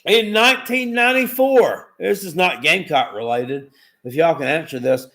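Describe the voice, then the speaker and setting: A man hosting a live stream, asking trivia questions in a casual, excitable way, swearing now and then and often repeating himself. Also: a little high, moderate pace. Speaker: livestream host.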